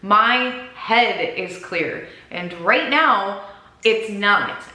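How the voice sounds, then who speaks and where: A woman with a Minnesota accent talks to her camera in a loose, rambling vlog, laughing at her own asides. Her voice is bright and forceful, neither high nor low. The room has a noticeable echo. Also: lively intonation, extremely slow. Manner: rambling, giggly, self-deprecating. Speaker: vlogger. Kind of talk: chatty vlog talk to camera.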